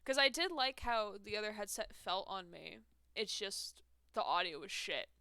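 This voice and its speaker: Bright, clear-voiced young woman streamer. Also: mid-range voice, lively intonation, normal speed, dry recording. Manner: chatty, laughs often, self-mocking. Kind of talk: casual live-stream chat while playing a game. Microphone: headset.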